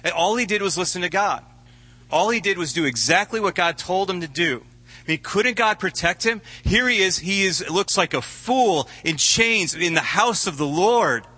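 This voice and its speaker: Male pastor, sermon, bright forceful voice, earnest and conversational. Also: high-pitched, animated, moderate pace, breathy edge. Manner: earnest, conversational preaching with repeated words.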